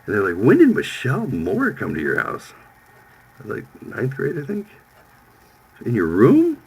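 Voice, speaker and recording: A man's voice: mid-range voice, normal speed, creaky, breathy edge, low-quality recording. A man in his fifties, a podcast host telling a profane story in casual chat, acting out the lines of the people in it. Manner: profane, animated storytelling with quoted voices.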